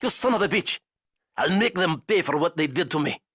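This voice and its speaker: A cruel, ambitious Soviet colonel, put on by a male reader for an audiobook. He yells his orders high and hard, and his voice stays rough and husky. The sound is dry and close. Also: sing-song, moderate pace, no echo, full character voice. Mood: vengeful. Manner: barking, shouted commands.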